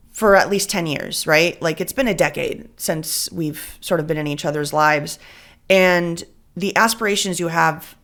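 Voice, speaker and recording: Woman cohost, lowish voice, reflective casual chat. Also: fairly bright tone. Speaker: podcast co-host.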